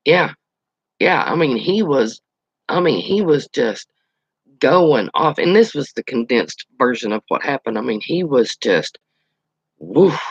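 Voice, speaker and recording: Creaky-voiced man chatting on a live stream. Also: medium pitch, very animated, unhurried, no echo, highs cut off. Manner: chatty, storytelling, answers viewer comments. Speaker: channel host. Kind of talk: casual live-stream chat.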